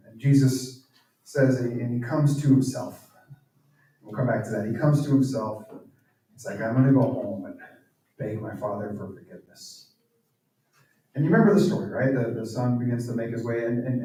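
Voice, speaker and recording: A man's voice: medium pitch, mellow. A man, a guest author and speaker, giving a sermon as conversational storytelling in a large church hall. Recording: echoey hall, distant mic.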